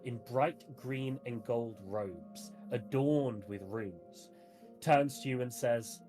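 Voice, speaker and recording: A woman narrating as game master of a tabletop game in an unhurried way, with hesitant fillers. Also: very deep voice, over music.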